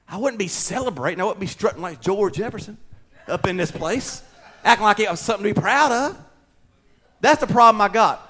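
High-voiced preacher, swinging loud and soft. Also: male voice, animated, fairly quick. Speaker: pastor. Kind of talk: sermon. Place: church.

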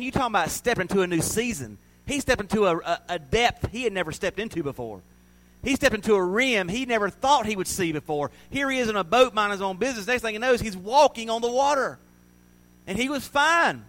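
A man's voice: high-pitched, fairly bright tone, low-quality recording. A man preaching a sermon. He talks with the congregation in a conversational, emphatic way and mixes in jokes. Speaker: pastor.

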